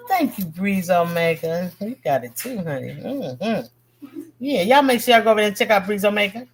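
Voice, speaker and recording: This woman's mid-range voice has a breathy edge, and she sounds animated while speaking at a normal speed. She runs a live painting lesson as an art teacher, chatty and encouraging, speaking right to her viewers and joking with the chat in friendly slang.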